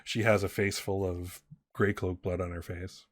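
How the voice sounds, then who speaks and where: A man with a low voice runs a tabletop game, stopping and restarting his sentences as he narrates. The sound is dry, with no room echo around him. His pace is unhurried and conversational. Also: level tone. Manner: halting, many fillers and restarts. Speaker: game master.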